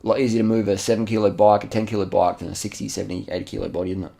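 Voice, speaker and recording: A man with a very low, gravelly voice talks over race footage in a loose, excited way. He repeats himself, slips in slang and swears casually, like he's chatting to a mate. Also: fast talker. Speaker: channel host.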